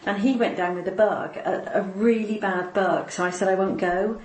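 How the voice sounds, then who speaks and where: A woman's voice: mid-range voice, darkish tone, slight background noise. Emotional woman telling a personal story, roomy echo. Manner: halting, repeats words, tearful at moments. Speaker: interviewee. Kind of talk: personal faith testimony.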